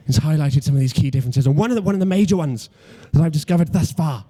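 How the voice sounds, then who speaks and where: Speaking fast in a slightly high, dark-toned voice, a Welsh man in his twenties delivers a stand-up set. He mocks himself with pretend logic and keeps stammering and starting over.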